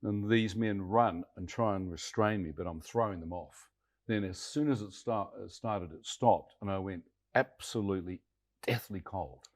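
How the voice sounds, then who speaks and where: A man in his sixties with a fairly low voice. He tells a dramatic story from his own life as an interview guest, colloquial and vivid, and acts out the voices of the people in it. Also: moderate pace. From New Zealand.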